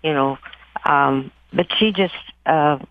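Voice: medium pitch, slow, phone-quality sound. A caller on a radio advice show, talking in a rambling, hesitant way with many fillers. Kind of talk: phone-in conversation.

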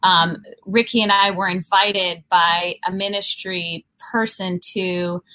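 A middle-aged woman on a faith talk show, telling a personal story in a relaxed, conversational way. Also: fairly low pitch, takes it slowly. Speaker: co-host.

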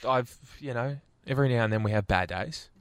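A man co-hosting a breakfast radio show, cheeky and ribbing, with energetic song links. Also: medium pitch, brisk, a little hiss or hum. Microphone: studio microphone.

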